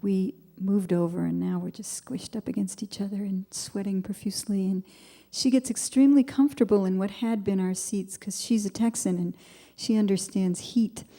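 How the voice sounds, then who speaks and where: A woman's voice: medium pitch, steady tone, moderate pace, hardly any pauses, mellow. A middle-aged woman from New England, a singer-songwriter telling a wry, dry-humored story between songs on a performance stage. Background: guitar music.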